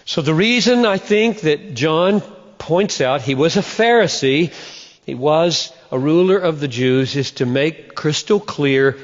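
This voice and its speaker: A man preaching in a fairly high, very lively voice that rises and drops hard for emphasis. He slows down for dramatic pauses. The sound is a little muffled and rings with a long hall reverb. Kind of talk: sermon.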